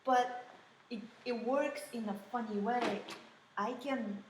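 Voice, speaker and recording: A woman with a Japanese accent, a native Japanese speaker, chatting casually as co-host in a lively, giggly way. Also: fairly high pitch. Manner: lively, giggly, quick to react. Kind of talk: casual chat. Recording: echoey room with faint hiss.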